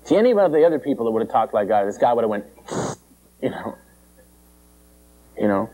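Animated, lively male preacher. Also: mid-range voice, fairly quick, low-quality recording. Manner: animated and conversational, acts out the characters in the story. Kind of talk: sermon.

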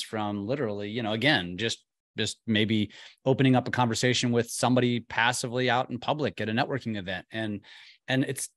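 A man's voice: mid-range voice, no echo, studio quality. A man hosting a podcast interview, asking long, searching questions in a casual, emphatic way. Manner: conversational, with frequent restarts and emphatic questions. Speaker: podcast host.

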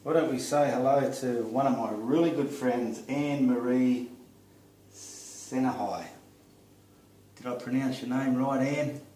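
A man with an Australian accent, casually greeting friends in a friendly, unhurried way while he paints. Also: mid-range voice, mellow. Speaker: artist vlogger. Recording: roomy echo, distant mic.

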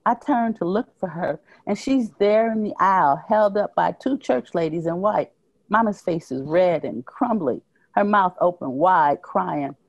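A woman author reading her own short story aloud at a library talk, slow and measured. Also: fairly low pitch, animated, gravelly, no echo, highs cut off.

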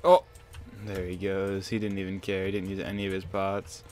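A young man commentating his own game, excitable and swearing, with bursts of loud disbelief, on a headset mic at his computer. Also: low voice, normal speed. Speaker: gaming channel host. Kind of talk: Let's Play commentary.

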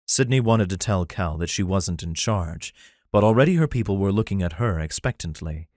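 A man narrating a fantasy romance audiobook in an even, plain storytelling manner. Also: sits low, moderate pace, dry recording, clean studio sound. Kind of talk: scripted narration.

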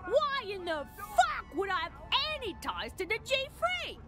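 A shrieking, foul-mouthed alien grouch in a video game, who snaps and swears at anyone who bothers her. Her very high voice leaps wildly up and down, and loud game music plays behind it. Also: sing-song, moderate pace. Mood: angry. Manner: shouting, swearing and irritable. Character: foul-mouthed, hostile alien city dweller.

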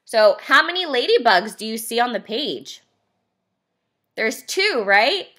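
A woman teacher reading a picture book aloud to young children, asking them questions as she goes. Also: a little high. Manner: slow, expressive, asks children questions.

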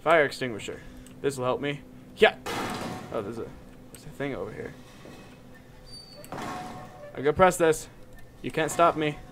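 A young man commenting on a game he is playing, with loud, jokey, excitable reactions. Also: on the high side, unhurried, pauses often, background noise. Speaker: gaming channel host. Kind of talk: let's play commentary.

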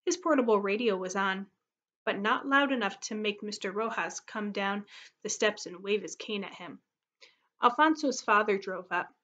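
A woman teacher reading a story aloud to her class, expressive and steady, on a muffled recording. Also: mid-range voice, normal speed.

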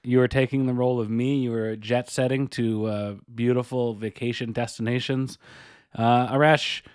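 A man's voice: mid-range voice, fairly even intonation, moderate pace, darkish tone, clear, resonant tone, no room sound. A man co-hosting a podcast in casual chat, with a dry, wry, easygoing manner. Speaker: podcast co-host.

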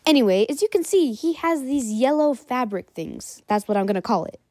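Woman, bubbly chatty unboxing vlog, lively up-and-down voice, fairly high, faint music behind. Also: a little fast, dry recording, clean studio sound. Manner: bubbly and chatty, giggly asides. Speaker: toy reviewer.

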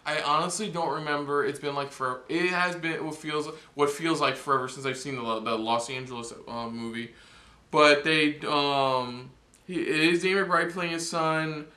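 A man's voice: on the high side, fairly even intonation, normal speed, sharp tone, roomy sound. A man co-hosting a casual reaction chat, talking hesitantly with many restarts. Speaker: co-host.

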